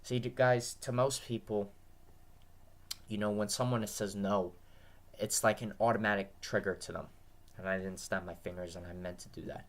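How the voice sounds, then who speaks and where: A tired man with a dry throat addresses his viewers in an earnest, rambling monologue, repeating himself and often starting over. His voice is somewhat low, with fairly flat intonation and an ordinary pace.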